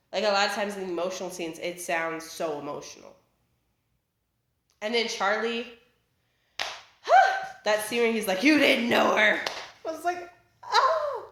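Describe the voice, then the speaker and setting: A woman's voice: mid-range voice, a bit bright. Young woman rambling on about a show, lots of likes and ums, roomy echo at home. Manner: chatty, filler-heavy, self-interrupting. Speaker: vlogger. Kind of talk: casual rant. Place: living room at home. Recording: echoey home room.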